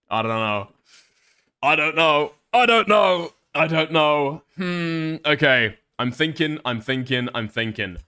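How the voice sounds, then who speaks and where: A male streamer talks through screenshots in casual live commentary. He peppers his speech with swearing, thinks out loud and circles back on his own points. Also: on the low side. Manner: profane, thinks out loud, second-guesses himself.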